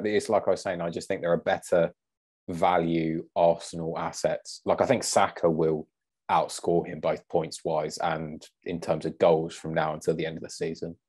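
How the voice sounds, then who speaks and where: A man as a guest on a casual podcast, measured and thinking aloud. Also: sits low, darkish tone.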